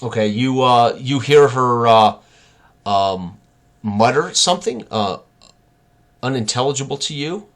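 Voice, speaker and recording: A man's voice: medium pitch, unhurried, long pauses. Man narrating as game master.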